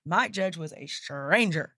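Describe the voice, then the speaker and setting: A woman who founded a startup, giving emphatic motivational talk in a casual chat, slowing down for her punchlines. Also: fairly low pitch, animated, bright, forceful tone, dry recording, studio quality. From Texas. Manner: emphatic, preachy, slows down for punchlines.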